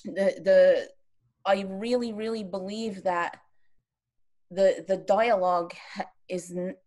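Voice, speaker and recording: A woman's voice: medium pitch, a little slow, a little mellow. Earnest woman from Quebec speaking. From Quebec, Canada. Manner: earnest, impassioned, with frequent restarts. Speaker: round-table panelist. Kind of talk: online round-table talk. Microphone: video call.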